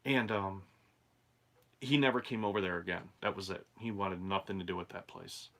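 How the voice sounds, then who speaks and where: A man's voice: low-pitched, steady tone, normal speed, fairly bright tone. Man casually telling a ghost story. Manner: rambling, conversational, with many asides and fillers. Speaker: channel host and storyteller.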